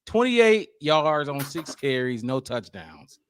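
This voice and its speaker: A man hosting a casual sports podcast, lively and talkative, calling out fans in the chat. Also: medium pitch, clear, resonant tone. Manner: lively, hypes the chat, quick asides. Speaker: podcast host.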